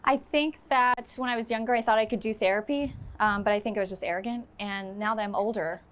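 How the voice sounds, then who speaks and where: Woman, higher voice, stage storyteller, frank and wry. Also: steady tone, quick pace. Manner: candid, self-deprecating humor. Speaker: stage speaker sharing a personal story. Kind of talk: storytelling talk with audience Q&A. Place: event stage before a live audience.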